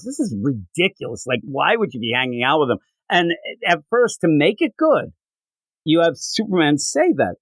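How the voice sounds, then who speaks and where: A man co-hosting a podcast, excitedly recapping a comic book scene in casual chat. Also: fairly high pitch, normal speed, no echo, rough recording. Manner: excited, animated recapping with quoted lines. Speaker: podcast co-host.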